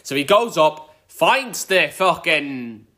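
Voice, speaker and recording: A man's voice: a little high, lively intonation, takes it slowly, sharp tone. A man co-hosting a podcast, chatting casually, rambling and swearing as he riffs into rants. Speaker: podcast co-host. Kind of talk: casual chat.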